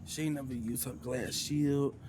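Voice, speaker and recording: A man's voice: mid-range voice, steady tone, measured pace, noisy background. A man, narrating a tabletop game as game master in a casual way, sighing and muttering to himself.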